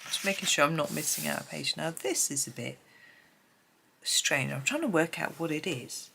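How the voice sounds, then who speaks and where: Low, gravelly woman musing. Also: moderate pace, sharp tone, a little hiss or hum. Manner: chatty, musing aloud, light laughs. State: sleepy, just woken up. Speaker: host. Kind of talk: casual flip-through chat.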